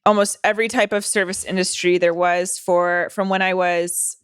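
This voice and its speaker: A woman's voice: on the low side, little pitch movement, moderate pace, clean tone, no echo, clean studio sound. A young woman co-hosting a podcast, chatting candidly and swearing often. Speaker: podcast co-host. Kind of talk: casual chat.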